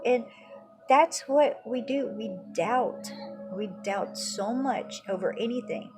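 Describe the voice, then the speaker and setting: A woman's voice: a little high, animated, slow, darkish tone, breathy edge, soft background music. A woman giving an earnest religious teaching, retelling her own prayers and quoted conversations as testimony.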